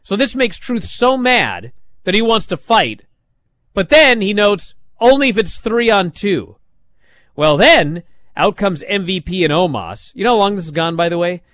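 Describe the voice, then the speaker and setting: Male show reviewer, high and animated, sarcastic, exasperated. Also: dry recording. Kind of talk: casual recap commentary.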